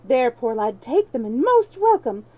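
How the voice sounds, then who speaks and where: A woman's voice: a little high, big pitch swings, a little slow, dark tone, dull audio. A woman voicing a kindly, gullible man who fusses and exclaims with pity. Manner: fussing, pitying exclamations. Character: kindly fussing man stranger, easily fooled.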